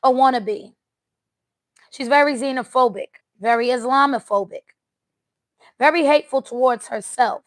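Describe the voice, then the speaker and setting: A woman's voice: high voice, moderate pace, long pauses, reverberant. A woman doing a casual tarot reading for viewers, talking in a blunt, mocking, sassy way. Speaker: tarot reader.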